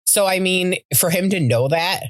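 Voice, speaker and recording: Low-pitched woman podcast cohost, animated storyteller, dry mic. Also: normal speed, no echo. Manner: animated storyteller, swears freely. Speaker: podcast co-host. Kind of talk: casual chat.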